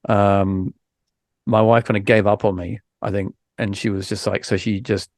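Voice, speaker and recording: Male podcast host; gravelly, dry close sound; frank, rambling, tired. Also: lowish voice, flat delivery, normal speed, darkish tone, no room sound. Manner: frank, rambling, many fillers and restarts. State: recovering from illness, low energy. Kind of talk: casual podcast chat.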